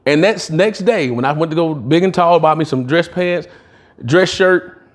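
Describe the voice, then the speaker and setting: A man's voice: fairly high pitch, moderate pace. A middle-aged man giving a motivational talk, telling stories in a casual, slangy way and acting out the dialogue. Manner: animated, acts out dialogue in other voices. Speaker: motivational speaker. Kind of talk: storytelling speech at a sales retreat.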